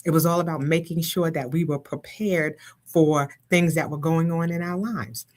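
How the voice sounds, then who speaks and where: A woman's voice: low voice, fairly even intonation, normal speed, a little mellow. A woman guest on a live talk show, speaking reflectively with many "you know" fillers and everyday analogies. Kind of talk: casual conversational interview.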